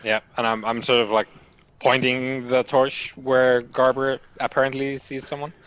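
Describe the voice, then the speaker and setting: A man's voice: mid-range voice, level tone, normal speed, fairly bright tone, smooth. A man playing a tabletop game, talking hesitantly with many restarts. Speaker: player. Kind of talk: casual tabletop play.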